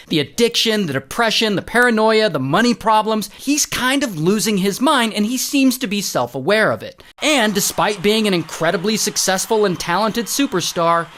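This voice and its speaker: A man's voice: sits high, a little hiss or hum. A man narrating a true-crime story in a casual, playful way, punctuating the action with spoken sound effects. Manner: animated, playful, adds sound effects like "blam" and "dun dun".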